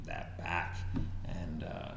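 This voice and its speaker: A man's voice: very slow, background noise. A man who owns a gym, hosting a podcast and talking casually and at length, now and then acting out what other people said. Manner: relaxed, rambling, acts out quotes with a raised voice. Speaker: gym owner and podcast host. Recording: roomy echo with faint ambience.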